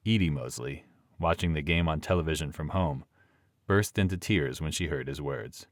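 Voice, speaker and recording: A man narrating an audiobook in a measured, deliberate way on a close studio microphone. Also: very deep voice, no echo.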